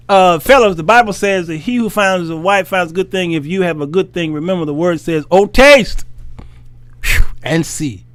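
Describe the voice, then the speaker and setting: A man's voice: high voice, moderate pace, a bit bright, clean tone, dry recording. Playful preacher-style male talk-show host. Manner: playful, laughing, preacher-like cadence.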